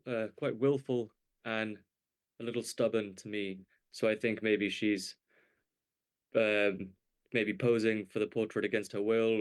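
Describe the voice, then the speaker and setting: A man in a workshop giving a tentative, measured answer. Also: on the low side. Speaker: workshop participant. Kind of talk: thoughtful answer. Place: workshop room.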